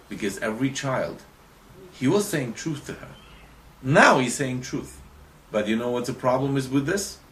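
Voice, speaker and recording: A man's voice: mid-range voice, a bit bright, a little hiss or hum. A man teaching a religious lesson with emphasis, speaking non-native English and often putting questions to his listeners. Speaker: Torah teacher.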